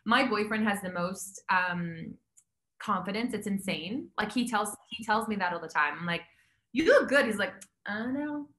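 A woman's voice: mid-range voice, normal speed, bright, forceful tone, roomy sound. A woman talking as a health coach guest in a casual interview, chatty and upbeat, with many fillers.

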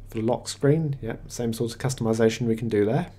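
In a mid-range voice, a tech reviewer narrates a screencast review of software from his desktop computer mic. He sounds matter-of-fact and conversational, occasionally pausing with small hesitations.

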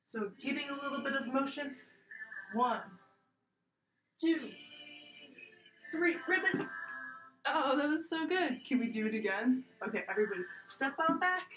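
A young woman teaching a gentle, playful yoga class to preschool children, coaxing them along as she guides each pose. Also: high voice, animated, normal speed. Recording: echoey room with faint music.

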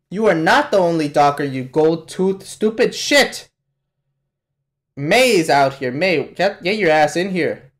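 Profane, excitable young man reacting live. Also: a little high, measured pace. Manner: profane, excitable, yells at the screen. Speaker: reaction channel host. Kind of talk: live anime reaction commentary.

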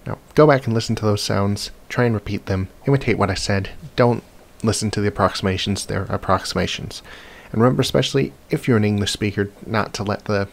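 Guy with a low gravelly voice walking through vowels, careful and slow on the sounds. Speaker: language teacher. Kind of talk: explanatory lesson.

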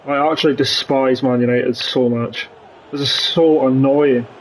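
A young man hosting a gaming channel gives frustrated commentary on his football game, swearing a lot and ranting, with his voice rising sharply when angry. His medium-pitched delivery is fairly even and measured, on a rough recording with slight background noise.

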